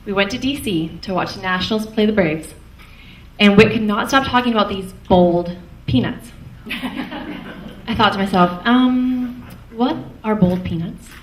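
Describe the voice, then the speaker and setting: A woman's voice: mid-range voice, unhurried. Young woman, maid of honor, fond toast, echoey hall, distant mic. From Canada. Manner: fond, light, chuckling between lines. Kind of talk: wedding toast speech. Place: wedding reception hall. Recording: echoey hall from far off, faint noise.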